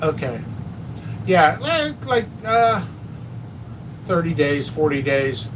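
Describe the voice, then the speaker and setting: Slow and sing-song, this man's fairly high voice rambles through a casual pepper and hot sauce stream full of self-deprecating jokes. He's far from the mic, with background noise around him.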